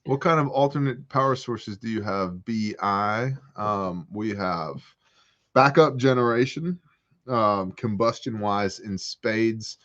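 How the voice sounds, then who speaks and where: A man's voice: lowish voice, slow pace, muffled recording. A man hosting a prepper Q&A livestream on a porch, chatting and joking as he reads viewer comments. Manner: joking, animated storyteller. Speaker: host. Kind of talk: livestream Q&A chat.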